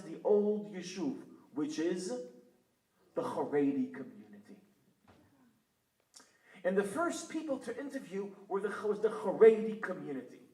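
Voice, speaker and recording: Animated Israeli-born man lecturing in a hall. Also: high-pitched. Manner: animated storytelling, acts out quotes loudly. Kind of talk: public lecture. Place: synagogue hall. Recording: roomy hall sound from far off.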